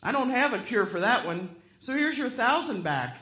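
A woman's voice: fairly high pitch, sing-song, moderate pace, fairly bright tone, reverberant, poor audio. A woman playing a shrewd, cheerful minister during a joke in a sermon, heard in a church sanctuary. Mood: sly.

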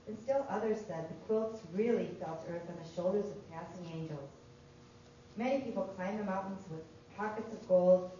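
A woman reading a children's story aloud in an expressive storytelling manner. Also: on the low side, lo-fi sound, a little hiss or hum.

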